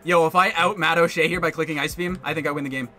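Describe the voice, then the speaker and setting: A man commentating his own competitive game match, thinking aloud in quick bursts and getting excitable. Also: a little high, faint music behind. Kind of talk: live gameplay commentary.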